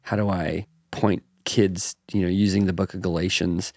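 A man's voice: sits low, level tone, normal speed, no echo, clean studio sound. A man co-hosting a podcast who reads listener questions aloud and affirms the other speaker's answers. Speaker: podcast co-host. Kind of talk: casual podcast chat, reading listener questions.

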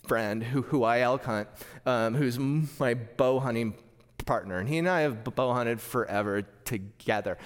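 A man preaching a sermon through a clip-on mic, telling a personal story with frequent stammering restarts. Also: on the high side. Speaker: pastor. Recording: long hall reverb.

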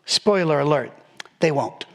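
A man preaching a sermon in a conversational, joking way, with quick asides. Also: on the high side, expressive, vocal fry. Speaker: pastor.

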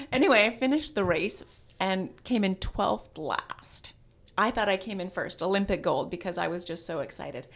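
A woman telling a personal story as a podcast guest, with a touch of vocal fry in her voice. She talks in an animated, self-deprecating way, laughing at her own mishaps. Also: medium pitch. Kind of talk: storytelling in casual conversation.

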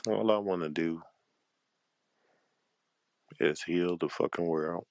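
Deep-voiced man on an angry profane rant. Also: no echo. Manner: profane, heated and exasperated, with a drawn-out tired delivery. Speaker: panel host.

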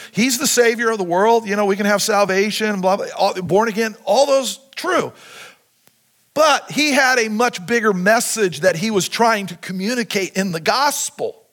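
A pastor preaching a sermon in a high, lifted voice. He keeps turning to the congregation with questions and prompts. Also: a bit bright. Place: church sanctuary.

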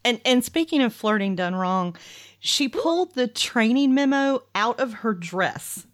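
A woman's voice: fairly high pitch, expressive, unhurried. A woman with a Southern US accent co-hosting a podcast, blunt and laughing, swearing freely. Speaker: podcast co-host. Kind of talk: casual chat.

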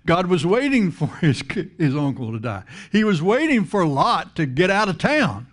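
A man's voice: high-pitched, sing-song, moderate pace. A man preaching a sermon in a conversational style, repeating words and asking the congregation questions.

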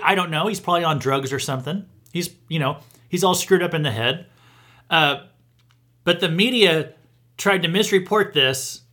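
A man's voice: fairly high pitch, sharp tone. A man hosting a podcast, giving indignant news commentary with emphatic restarts. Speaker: podcast host.

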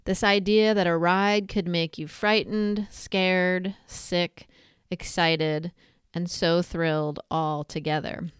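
A woman's voice: fairly low pitch, steady tone, takes it slowly, clean tone, no room sound, studio quality. A woman talking casually, retelling a film scene with asides and comparisons. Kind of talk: casual spoken reflection.

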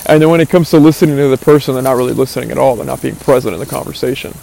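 A man's voice: medium pitch, fairly even intonation, rapid-fire, creaky, mellow, a little hiss or hum. A man giving an earnest, philosophizing monologue, thinking aloud with asides and fillers. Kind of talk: reflective motivational monologue.

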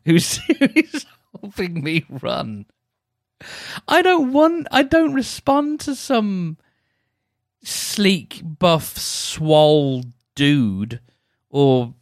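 A man's voice: medium pitch, a bit bright, dry recording, clean studio sound. A man hosting a solo podcast, chatting in a meandering, self-deprecating way. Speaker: podcast host. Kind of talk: rambling solo podcast chat.

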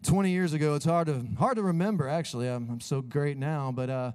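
A man's voice: a little mellow, smooth, close to an everyday voice. A man voicing a smug, self-righteous male pastor who boasts about his own goodness. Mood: boastful. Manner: pompous, self-congratulating, slow and low.

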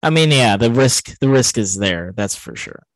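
A man's voice: mid-range voice, expressive, moderate pace, no room sound, low-quality recording. A man co-hosting a podcast, chatting casually about a film and rambling with many fillers and restarts. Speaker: podcast co-host.

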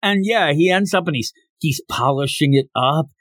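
In casual conversation on a manga review podcast he co-hosts, a man animatedly retells a story, raising his pitch to act out what the characters say. He talks at normal speed, with no room sound.

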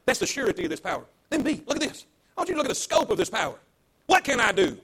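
A man's voice: very high-pitched, very animated, very fast, pushed and bright, breathy edge. A man, a pastor preaching a livestreamed sermon to an empty church, emphatic and repetitive, with call-and-response.

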